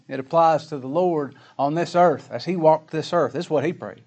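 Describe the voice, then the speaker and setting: A man delivers a sermon in a folksy, plain-spoken way, firing off rhetorical questions at his listeners. His voice sits a little high for a man. When he reads scripture he slows right down and leans on each word. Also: darkish tone, highs cut off. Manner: folksy preaching, rhetorical questions, slow emphatic scripture reading. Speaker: pastor.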